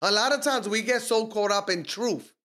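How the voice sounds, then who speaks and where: High-pitched middle-aged guy preaching hard on a faith podcast, quoting scripture. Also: moderate pace, bright, forceful tone. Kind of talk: preaching-style faith talk.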